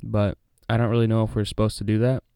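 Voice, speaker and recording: A man with a lowish, mellow voice reads a Bible passage and then chats about it casually, full of "uh" and "like". His voice is smooth and clear, recorded close and dry. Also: fast, no room sound. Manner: relaxed, chatty, many fillers. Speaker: Bible study host. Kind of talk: casual Bible reading and commentary.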